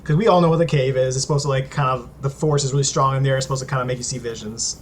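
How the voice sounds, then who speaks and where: A man's voice: medium pitch, steady tone, racing, a little hiss or hum. A man co-hosting a casual gaming podcast, talking in a loose, sarcastic way and swearing often. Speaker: podcast co-host.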